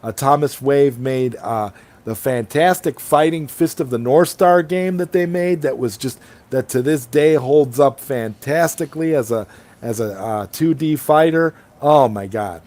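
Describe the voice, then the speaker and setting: A man's voice: medium pitch, measured pace, a little mellow. Rambling, enthusiastic male stream host. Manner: reads viewer comments aloud, rambling and enthusiastic. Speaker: livestream host. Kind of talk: casual late-night chat. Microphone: online streaming call.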